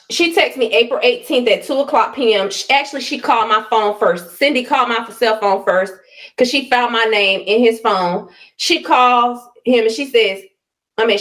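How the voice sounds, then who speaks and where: A woman ranting on a live stream, combative and profane, firing off mocking insults. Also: a little high. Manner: profane, combative, loud bursts of mockery. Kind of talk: angry live-stream rant.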